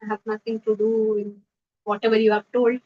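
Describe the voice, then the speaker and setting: A woman giving a devotional scripture class, telling stories in an earnest, animated way. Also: a little high, brisk. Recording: slightly muffled lo-fi recording.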